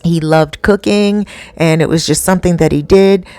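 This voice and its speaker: A woman casually recounts a spooky tale in a chatty, animated way. Her voice is lowish, and the dry room adds no echo. She keeps turning to the listener with asides. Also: moderate pace, soft background music. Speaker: storyteller.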